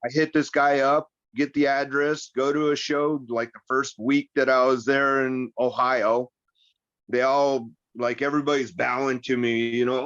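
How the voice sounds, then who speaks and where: A man's voice: mid-range voice, little pitch movement, moderate pace, a bit bright, smooth, no echo. Rambling, profane male wrestler guest. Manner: rambling, profane, acts out quoted voices. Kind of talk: casual interview storytelling. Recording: slightly muffled, dry recording.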